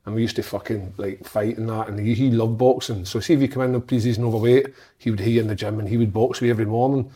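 A man's voice: on the low side, steady tone, fast, dark tone, slightly rough. A man, a former footballer swapping rambling, profane stories on a podcast. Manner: profane, rambling anecdotes with restarts. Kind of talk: casual podcast storytelling.

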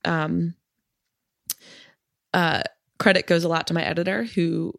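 A woman's voice: fairly low pitch, fairly even intonation, a little slow, vocal fry, fairly bright tone, no room sound, clean studio sound. A woman who makes a podcast, talking frankly and chattily in an interview, with lots of filler words. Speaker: podcast creator. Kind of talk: casual interview chat.

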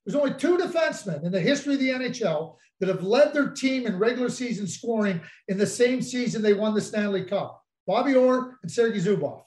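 A man co-hosting a podcast, telling stories in a teasing, animated way. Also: sits high, brisk, hardly any pauses, reverberant, low-quality recording. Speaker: podcast co-host, former hockey executive. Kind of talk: casual storytelling chat.

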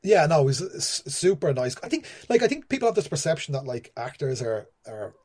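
A man's voice: a little high, very animated, fairly quick, a little mellow, breathy edge. A young Irish man, a screenwriter, chatting in an interview and rambling with lots of "like" and "you know". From Ireland. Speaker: screenwriter guest. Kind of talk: casual interview chat.

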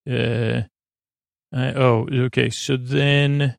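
A man hosting a podcast, giving a sleepy bedtime recap of a TV episode in a rambling, halting way with lots of fillers. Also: medium pitch, flat delivery, vocal fry, no echo. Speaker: podcast host.

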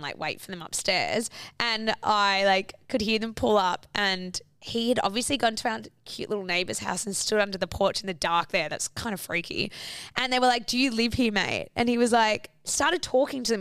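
A young woman co-hosting a casual podcast, rattling through a story with plenty of "like" and swearing. Her voice is smooth and clear, and it is recorded close and dry. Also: medium pitch, a bit bright, no echo. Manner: chatty storyteller, swearing, lots of "like". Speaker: podcast co-host. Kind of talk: casual chat.

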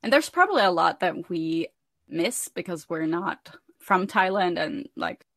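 A woman hosting a podcast in casual chat, steering the conversation in a relaxed way. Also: on the low side, a little slow, dry recording. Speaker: podcast host.

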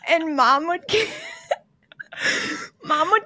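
A young woman with a fairly high voice tells a story on a podcast, lively and quick to laugh. The sound is dry and close to the mic, with no room around her. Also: no room sound. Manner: animated storyteller, laughs often. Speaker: podcast co-host. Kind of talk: casual storytelling chat.

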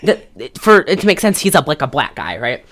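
A woman's voice: deep voice, sing-song, a little fast, crowd noise. A woman co-hosting a casual podcast, telling a profane, rambling story. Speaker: podcast co-host. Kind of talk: casual chat.

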